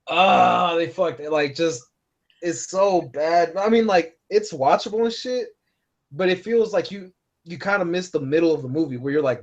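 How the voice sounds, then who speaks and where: A man's voice: fairly high pitch, normal speed. A man co-hosting a podcast, telling a long, profane movie rant and acting out the lines he quotes. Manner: profane, rambling, acts out quotes. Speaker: podcast co-host. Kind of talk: casual chat. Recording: dull lo-fi podcast audio.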